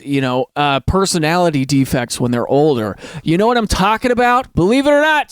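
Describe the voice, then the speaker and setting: Animated, playful man with lively pitch. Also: no room sound, studio quality. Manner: animated, jokey, bursts into loud mock cheering. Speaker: host reading and reacting to online posts. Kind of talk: casual commentary.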